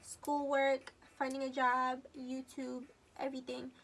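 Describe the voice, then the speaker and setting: A woman's voice: high-pitched, monotone, unhurried, a little hiss or hum. A teenage girl talking through a makeup tutorial in a chatty, casual way, narrating each step as she goes. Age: teens. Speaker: beauty vlogger.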